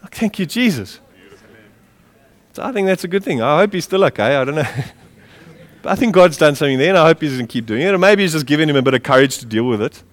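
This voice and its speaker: A man preaching a sermon, impassioned and lively, with chuckles as he tells stories. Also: fairly high pitch, racing. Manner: impassioned, with a lively rise and fall; chuckles while telling stories. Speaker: pastor. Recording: long reverb of a large hall.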